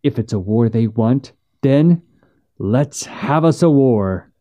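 A man's voice: mid-range voice, lively intonation, slow pace, mellow. A man voicing a stern, proud frontier widow who speaks in a clipped, cold way. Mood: cold, steely.

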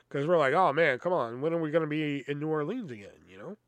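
A man's voice: fairly high pitch, lively intonation, fast, a bit bright, no echo. A young man hosting a podcast, telling rambling personal stories in a casual, exasperated way with plenty of swearing. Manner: rambling, profane, exasperated storytelling. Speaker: podcast host. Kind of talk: casual storytelling.

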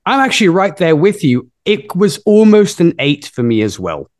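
A man hosting a podcast, with a voice pitched a little high, talking through a film with eager, lively energy. The recording is dry and close, with no room echo. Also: normal speed. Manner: enthusiastic, lively storytelling. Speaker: podcast host. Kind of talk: casual movie review chat.

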